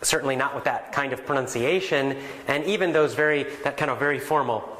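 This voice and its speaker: A man talks through a casual language lesson. His voice sits a little high for a man, and the room around him rings with echo. He explains at length and jumps into a brighter voice when he acts out everyday phrases. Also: fairly quick, hardly any pauses. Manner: animated, explanatory, acts out greetings in a lively higher voice. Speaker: language teacher.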